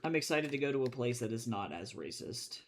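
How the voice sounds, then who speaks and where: A man's voice: medium pitch, big pitch swings, a little fast. A man from the United States talks loosely and profanely, rambling with plenty of filler while he works on a drawing stream. He sits at a desk microphone at home. There is a faint hiss with keyboard clicks behind him. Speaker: comic artist streaming.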